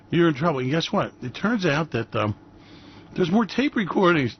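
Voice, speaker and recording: A man hosting a radio show, ranting in mocking, brash commentary that breaks into loud bursts and laughter. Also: fairly high pitch, animated, moderate pace, breathy edge, dull audio. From New York.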